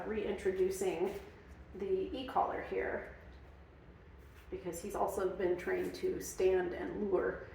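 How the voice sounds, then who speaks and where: A woman's voice: medium pitch, darkish tone, distant mic, a little hiss or hum. A woman dog trainer explaining her methods in a casual, chatty way, with many fillers. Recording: very echoey room, off-mic.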